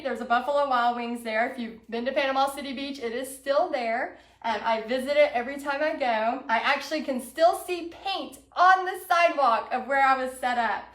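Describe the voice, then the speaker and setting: A woman who teaches painting, telling a personal story to her viewers in an expressive way, acting out her past thoughts and laughing easily. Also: high voice, echoey room. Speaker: painting instructor.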